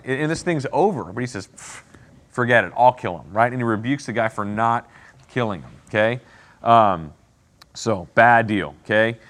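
A man with a mid-range, slightly bright voice leads a Bible study. He explains the passage casually and conversationally, often checking in with "okay?" and "right?", in a relaxed teaching style with commentary.

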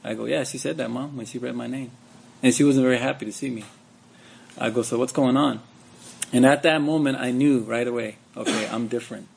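A man's voice: mid-range voice, steady tone, a little fast, vocal fry, slightly rough. A man from California telling a personal story in a group discussion, conversational, often checking in with "right?". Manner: conversational, says "right?" and "you know" often.

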